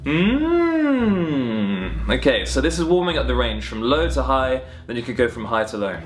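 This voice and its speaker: A young man teaching a singing warm-up lesson in a relaxed, friendly, chatty way, talking through stretches and vocal exercises. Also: medium pitch, quick pace, over loud music. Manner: relaxed, friendly and chatty, demonstrating hums and sung syllables. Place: home music room with guitars on the walls.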